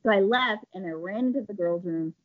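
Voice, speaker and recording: A woman's voice: medium pitch, a little fast. A woman with a mid-range voice talks easily through stories from her sales work, putting on little voices for what people said. The recording is a bit dull and lo-fi. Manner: chatty, animated retelling with quoted voices. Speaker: pharmaceutical sales rep. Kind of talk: conversational interview storytelling. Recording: slightly dull lo-fi audio.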